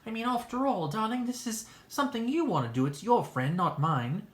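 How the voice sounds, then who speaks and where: A woman voicing a smooth-talking, flirtatious man who gushes theatrically. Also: a little high, lively intonation, fairly quick, lightly acted. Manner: theatrical, gushing. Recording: echoey room.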